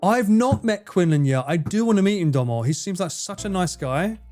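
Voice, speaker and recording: A man's voice: high voice, lively intonation, moderate pace, mellow, soft background music. A man chatting casually on a live stream, laughing often and swearing freely as he reads chat.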